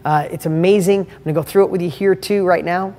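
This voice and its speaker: A man's voice: high-pitched, steady tone, fast, darkish tone. A middle-aged man hosts a motivational live stream, talking straight to his listeners. He speaks in an emphatic, heartfelt way and keeps pressing them with rhetorical questions. His voice trails off into a long, reverberant room sound. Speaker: host.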